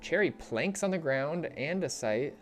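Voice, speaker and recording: A man chatting casually on a live gaming stream, easily excited and cooing at his cat. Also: fairly high pitch, unhurried, faint music behind.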